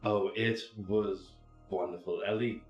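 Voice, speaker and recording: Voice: sits low, steady tone, unhurried, darkish tone, echoey room, highs cut off. Player chatting loosely, music behind. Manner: casual, swearing, stumbles over words. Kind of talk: casual play at a tabletop game.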